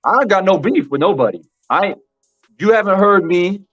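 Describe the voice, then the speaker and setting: A man's voice: high voice, expressive, normal speed. A man hosting a live-stream boxing commentary show, talking emphatically to his chat, repeating his points and saying "bro" a lot. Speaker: boxing commentary channel host. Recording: dull lo-fi with faint music.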